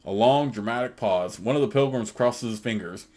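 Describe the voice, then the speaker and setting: Male let's play host reading game text aloud, steady, with casual asides, mid-pitched voice. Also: normal speed.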